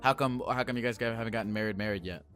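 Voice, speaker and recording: A man's voice: on the low side, racing, a bit bright, faint music behind. A man hosting a casual call-in show, asking earnest, playful questions. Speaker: host.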